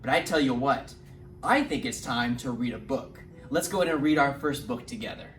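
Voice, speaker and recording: A man's voice: medium pitch, faint music behind. Librarian guy doing kids storytime, bouncy up and down voice, echoey room, mic kinda far. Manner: animated, encouraging, speaks slowly to little ones. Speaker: children's librarian. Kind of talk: children's storytime lesson. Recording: roomy, distant mic, faint hum.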